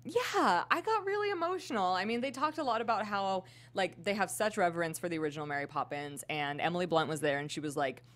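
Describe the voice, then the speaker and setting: Co-host, young woman, lower register, excitable storyteller, filler-heavy casual delivery. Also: fast talker, few pauses. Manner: animated storytelling, heavy use of "like". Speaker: podcast co-host. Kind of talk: casual chat.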